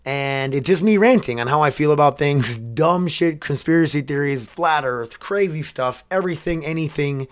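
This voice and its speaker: A man's voice: fairly high pitch, normal speed, hardly any pauses. A man in his twenties hosting a solo podcast, rambling and swearing, emotionally worn down. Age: 20s. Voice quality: rambling, swearing, restarts sentences. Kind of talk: casual solo podcast rant.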